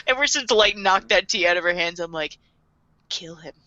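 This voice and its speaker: A woman hosting a podcast in casual recap chat, animated, laughing often and acting out characters. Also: mid-range voice, brisk, no echo, lo-fi sound. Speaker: podcast host.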